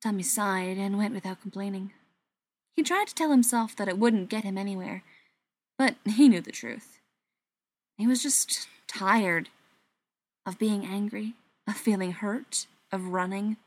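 A woman reading a story aloud in an even, soft narrating voice that sometimes drops to a whisper. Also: medium pitch, a little slow.

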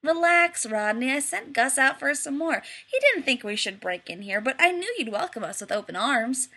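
A woman reads an audiobook in a full character voice, pitched above her own: high, bright, and pushed, with big pitch swings at a moderate pace. She plays a cheeky young man, a fake psychic, breezy and upbeat, who teases everyone.

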